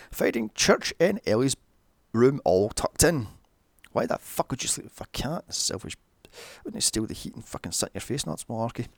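A man's voice: mid-range voice, vocal fry, no room sound, clean studio sound. A man narrating a sarcastic movie recap, full of profane, mocking asides. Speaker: film recap commentator.

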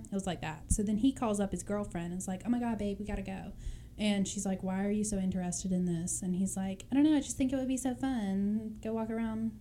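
A woman's voice: medium pitch, warm tone, slight background noise. A young woman telling a true crime story in casual chat, laughing often and acting out the people in it. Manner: chatty, laughs often, acts out quoted voices.

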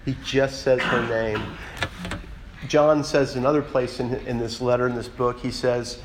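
A man's voice: mid-range voice, flat delivery, a little slow, slight background noise, low-quality recording. A man preaching a conversational sermon as a pastor, speaking earnestly and directly and often putting questions to his listeners.

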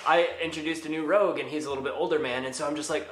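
A man's voice: on the high side, fairly even intonation, very fast, fairly bright tone, roomy sound. A man in casual podcast chat, easygoing and often laughing as he talks. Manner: easygoing, laughs while talking. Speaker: podcast cast member.

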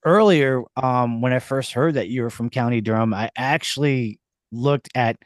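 A man hosting a podcast interview like an excitable showman, hyping his guest and often restarting his sentences. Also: medium pitch, normal speed, no room sound, clean studio sound. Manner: hyped-up showman, stammering restarts. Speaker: podcast host. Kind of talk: casual interview. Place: recording studio.

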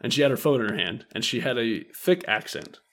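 A young man chatting on a podcast with his co-host, his pitch rising and falling freely as he spins a story. He slips into the voices of the people in it and keeps breaking into laughter. The tone is loose, easy casual chat. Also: expressive, fairly quick, fairly bright tone. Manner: storytelling, acts out quotes, laughs often.

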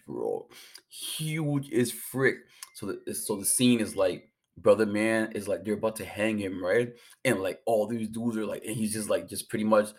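A man giving a casual, rambling, hyped recap of an anime episode, full of slang and fillers. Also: fairly low pitch. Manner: hyped, rambling, slangy, says 'bro' and 'like' constantly. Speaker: anime reviewer.

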